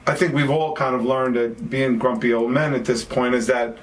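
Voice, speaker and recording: A man's voice: mid-range voice, fairly even intonation, normal speed. New man in his fifties, storytelling. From New York. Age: 50s. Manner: storytelling, reflective, frequent restarts. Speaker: guest rapper. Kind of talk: casual chat. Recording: distant mic with faint background noise.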